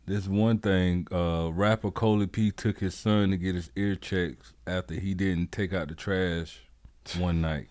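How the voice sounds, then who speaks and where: Man, very deep voice, blunt, profane, halting, casual podcast co-host. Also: steady tone, darkish tone. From United States. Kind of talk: casual chat.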